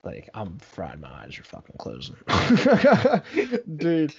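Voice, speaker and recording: A man's voice: fairly high pitch, huge pitch swings, takes it slowly, gravelly, a little mellow, slightly rough, muffled recording. A young man telling a long story in casual chat, rambling and profane, full of fillers.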